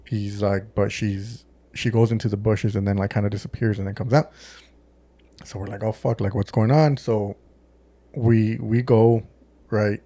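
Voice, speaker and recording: A man's voice: on the low side, little pitch movement, measured pace, dark tone, dry recording. A man with a West Texas accent telling a story on a podcast, swearing often and using lots of "like" and "dude". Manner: swears often, acts out quotes with many "like" and "dude". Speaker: podcast co-host, former deputy. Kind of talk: casual storytelling chat.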